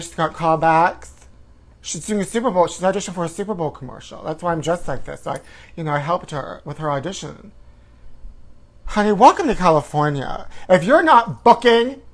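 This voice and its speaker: A man hosting a comedic gossip show, campy and sassy, calling listeners honey. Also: on the high side. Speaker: host. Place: home livestream.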